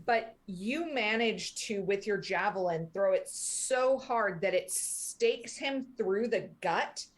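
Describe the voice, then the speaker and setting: A woman's voice: medium pitch, slow pace. A woman narrating a tabletop game as dungeon master in a loose, chatty way with many fillers.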